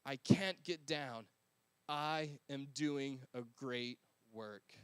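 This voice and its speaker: A man voicing a determined male leader who speaks slowly and firmly. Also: medium pitch, clear, resonant tone, no echo, voice pushed down. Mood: resolute. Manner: slow, firm, determined. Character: resolute male leader rebuilding a wall.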